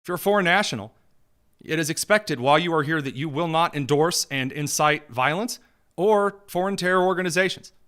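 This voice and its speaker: A male host delivering opinionated political commentary in a sarcastic, mocking, rapid-fire way. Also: fairly high pitch, fairly bright tone.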